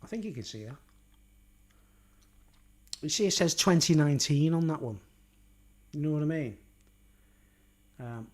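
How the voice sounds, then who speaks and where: A man talks to his viewers in a loose, rambling vlog monologue, peppered with swearing and filler words. His voice sits a touch higher than most men's. The delivery is casual and unscripted. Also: expressive, a little slow, long pauses, a little mellow. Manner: casual, rambling and sweary, full of "like" and "you know". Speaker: YouTuber.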